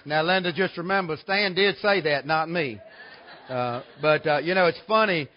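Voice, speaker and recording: A man, easygoing and quick to joke between points. His voice sits high for a man. The church recording is a little muffled and dull. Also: a little hiss or hum. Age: 40s. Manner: folksy, joking storyteller. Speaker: guest preacher. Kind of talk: revival sermon. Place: church sanctuary.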